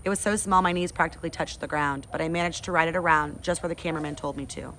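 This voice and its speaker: A woman's voice: deep voice, steady tone, fast talker, a bit bright, slight background noise. A woman reading a chapter book aloud to her class, then chatting in a friendly way. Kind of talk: read-aloud storytelling.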